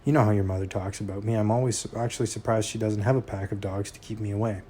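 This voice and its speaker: A man's voice: lowish voice, fairly even intonation, quick pace, mellow, slight background noise, lightly acted. A man reading aloud, voicing a manipulative estranged father who turns cold and menacing. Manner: clingy, turning cold and menacing.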